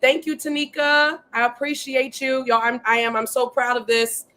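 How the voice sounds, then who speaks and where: A woman hosting a casual livestream, excitedly reading viewer comments aloud and often saying "y'all.". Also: high-pitched, moderate pace, clear, resonant tone. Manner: says "y'all" often, Southern-tinged speech. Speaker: livestream host.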